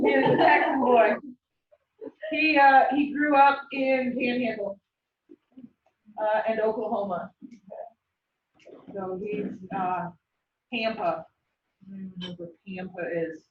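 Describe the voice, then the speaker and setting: A woman instructor giving a classroom lecture, telling personal stories in a chatty, animated way and laughing often. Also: fairly high pitch, slow, long pauses, slight background noise. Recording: roomy, dull sound from a distant mic.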